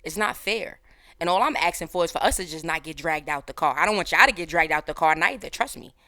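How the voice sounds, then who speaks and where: Bright-toned, animated woman reacting loudly. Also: sits low, fast. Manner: animated, loud outbursts, heavy slang. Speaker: reaction video host. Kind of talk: casual reaction commentary.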